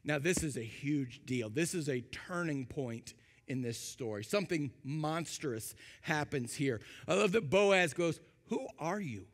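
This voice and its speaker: A male preacher with a high voice delivers a lively sermon, acting out voices to get laughs. His voice rings through a large hall with a long reverb tail. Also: a little slow. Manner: animated, acts out voices for humor. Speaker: pastor.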